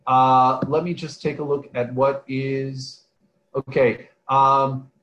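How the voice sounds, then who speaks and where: Over a video call, a man lectures online with a flat, slow, mid-range delivery, answering chat questions as he meanders. He keeps saying "right?", drifts off with "um," and restarts phrases. The audio is muffled and echoey, with a little hiss or hum.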